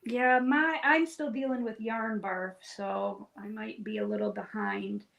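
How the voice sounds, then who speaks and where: A woman with a slightly high, creaky, somewhat bright voice co-hosts a live crochet stream, speaking a little slowly with fairly even intonation. The audio sounds dull. Between frequent laughs, she chats and guides viewers through stitches.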